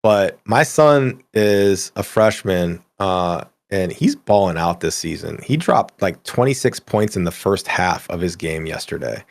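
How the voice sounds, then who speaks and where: A middle-aged man with a low, gravelly voice, co-hosting a casual gaming podcast. He talks in animated, loose rants and swears freely. The sound is close and dry, with no room echo. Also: a little slow, few pauses. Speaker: podcast co-host.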